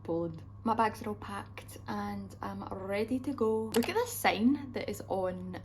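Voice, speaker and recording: A young Scottish woman talking straight to camera in a relaxed travel vlog. Her delivery is chatty and upbeat, sprinkled with casual fillers, at a mid pitch. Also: unhurried, a little hiss or hum, rough recording. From Scotland. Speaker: travel vlogger.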